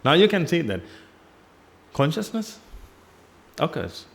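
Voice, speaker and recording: A man's voice: on the high side, big pitch swings, slow, vocal fry. A man giving a Buddhist sermon in a temple hall, teaching through repetition and rhetorical questions and dropping his voice when he addresses his listeners. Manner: drops his voice on "ladies and gentlemen".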